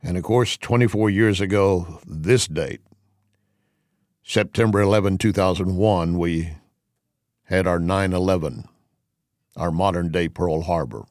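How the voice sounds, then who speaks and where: A middle-aged man hosting a talk radio show, speaking in an earnest, emphatic, measured way. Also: deep voice, darkish tone, no room sound, clean studio sound.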